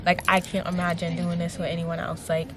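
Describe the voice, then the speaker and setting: A woman's voice: fairly low pitch, monotone, a little fast, a crowd in the background. A young woman vlogger talking to her partner in a heartfelt, gushing way, with noise around her. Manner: heartfelt, gushing, many likes. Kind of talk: emotional casual vlog talk.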